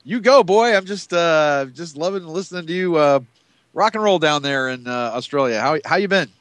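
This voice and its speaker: A man speaking as a radio guest, halting and restarting often with lots of fillers. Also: on the high side, expressive, a bit bright, no echo. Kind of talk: casual radio interview.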